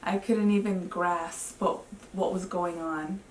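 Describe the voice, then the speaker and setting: Chatty young mom in an echoey room. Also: female voice, fairly low pitch, slow pace, slight background noise. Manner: chatty and excitable, frequent "like" fillers. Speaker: vlogger. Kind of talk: casual storytelling to camera. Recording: roomy sound, mic at a distance.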